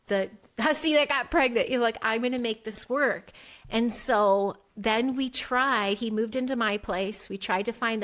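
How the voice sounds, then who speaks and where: A middle-aged woman tells her own story in an interview, candid and animated. Her voice sits a bit high, and she jumps higher still when she acts out what others said. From United States. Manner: animated, acts out quoted dialogue with pitch jumps. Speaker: podcast guest.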